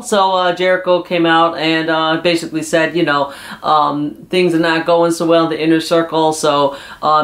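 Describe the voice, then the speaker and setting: A man's voice: on the high side, fairly bright tone. A man casually recapping a wrestling episode, rambling with lots of "uh" and "you know.". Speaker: wrestling show reviewer.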